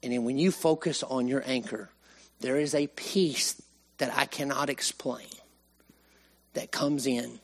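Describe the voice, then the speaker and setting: A male preacher delivers a sermon in a mid-range voice. He talks in a folksy way, pushing up for emphasis and sinking to soft, slowed lines. His delivery keeps moving between energy and calm. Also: mid-range voice. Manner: animated, with sudden rises and hushed drops.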